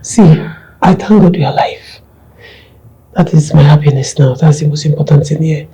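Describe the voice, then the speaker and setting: A woman's voice: deep voice, normal speed, dark tone, low-quality recording. Woman acting a stubborn, protective Nigerian mother. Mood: firm. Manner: firm, dismissive.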